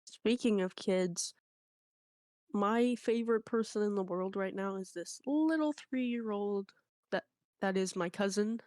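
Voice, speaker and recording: Woman, casual chat, animated storyteller, mid pitch, dry close sound. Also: a little slow, dry recording. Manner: animated anecdote telling with quoted voices. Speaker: co-host.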